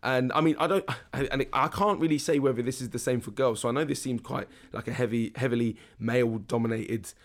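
Husky-voiced man rambling frankly. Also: medium pitch, fairly even intonation, fairly quick, few pauses. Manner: frank, rambling, lots of restarts and fillers. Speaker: podcast host and fitness coach. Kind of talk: casual podcast monologue.

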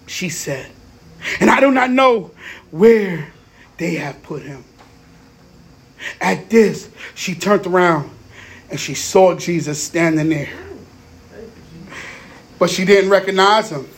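A man with a high, creaky voice preaches an Easter sermon in a lively, conversational way. He often repeats words as he builds up his points.

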